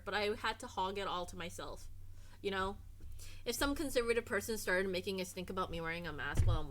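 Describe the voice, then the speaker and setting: A woman's voice: medium pitch, a bit bright. A woman streamer chatting casually over gameplay, rambling and trailing off into restarts.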